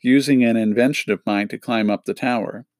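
A man's voice: mid-range voice, steady tone, a little fast, darkish tone, no echo, clean studio sound, natural voice. A man doing a resourceful, inventive girl. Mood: worried.

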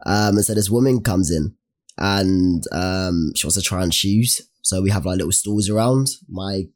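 A man's voice: low voice, moderate pace. A young man, co-hosting a casual podcast chat and telling a story full of slang and restarts. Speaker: podcast co-host.

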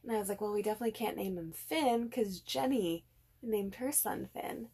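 A woman's voice: medium pitch, normal speed, dark tone, slightly rough. A young woman co-hosting a podcast, chatting casually and teasing with a playful, giggly manner. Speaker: podcast co-host. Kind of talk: casual couple chat.

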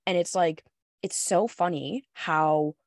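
Woman podcast host, reflective and affirming, slightly low voice, dry close recording. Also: slow, no echo. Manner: reflective, affirming, uses "like" and "you know". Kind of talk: casual podcast conversation.

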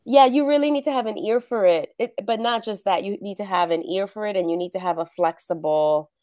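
A woman's voice: mid-range voice, a little fast, mellow, dry recording, clean studio sound. A middle-aged woman from the Bronx, an actress and acting teacher, chatting animatedly as a guest and laughing often. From The Bronx, New York. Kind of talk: casual interview chat.

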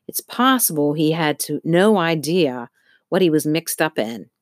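A blunt, earnest male police officer, read by a woman narrator in a storybook. He explains things in a plain, matter-of-fact way, in a low voice with a close, dry sound. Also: animated, a little slow, dry recording.

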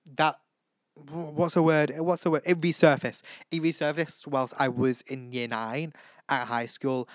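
A man's voice: mid-range voice, level tone, normal speed, dry recording. A teenage young man hosting a casual chat, gushing and camp, who keeps breaking into impressions. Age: teens. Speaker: vlog host.

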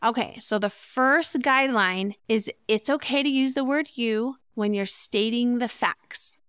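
A woman's voice: on the high side, measured pace, fairly bright tone, clear, resonant tone, no room sound, clean studio sound. A woman hosting a relationship podcast, talking earnestly and in a teaching way, now and then acting out sample phrases. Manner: earnest, instructive, acts out example phrases. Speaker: podcast host. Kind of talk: relationship advice podcast monologue.

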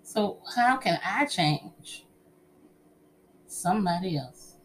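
A middle-aged woman telling personal stories and giving relationship advice to an audience, in a chatty, expressive way, calling listeners honey and child. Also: lowish voice, takes it slowly, slight background noise.

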